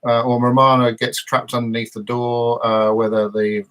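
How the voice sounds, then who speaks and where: A man hosts a casual live podcast, with a mid-range voice. He meanders through the plot, pausing and circling back often. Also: medium pitch, level tone, a bit bright. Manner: meandering episode recap, frequent hesitations. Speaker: podcast host.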